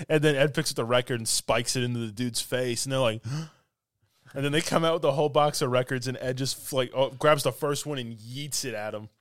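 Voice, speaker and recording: A man recaps a film on his podcast with lively, laughing energy. His voice sits in a middle register. The recording is dry and close, with no room sound. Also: mid-range voice, a little fast, no room sound. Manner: animated retelling of scenes, laughs often. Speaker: podcast host. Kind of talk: casual film review chat.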